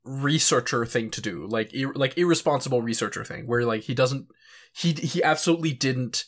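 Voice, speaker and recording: Man, mid-pitched voice, casual podcast co-host, rambling, loose, lots of filler, swears and chuckles. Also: normal speed. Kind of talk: casual chat.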